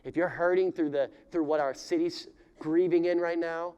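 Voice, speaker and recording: A pastor preaching to his congregation in a high, bright voice. He speaks to the room directly and acts out heartfelt prayers that climb into pleading cries. He then drops back to soft, earnest appeals. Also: fairly even intonation, moderate pace, clean tone, lo-fi sound. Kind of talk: sermon.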